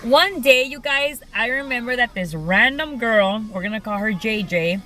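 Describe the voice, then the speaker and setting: A woman's voice: on the high side, lively intonation, moderate pace, pushed and bright, low-quality recording. A young woman casually telling a personal story to her viewers, chatty and full of "like" and "you guys". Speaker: vlogger.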